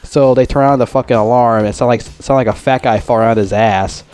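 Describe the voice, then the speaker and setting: A man's voice: mid-range voice, fairly even intonation, brisk, over loud music. A man rambling through a casual film review, swearing constantly and trailing off with fillers.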